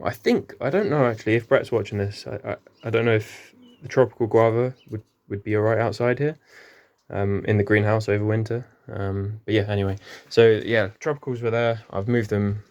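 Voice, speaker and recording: Male gardener, low-pitched, chatty and hesitant, casual greenhouse walk-through. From England. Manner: rambling, many ums, self-correcting. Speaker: gardening vlogger. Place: small greenhouse.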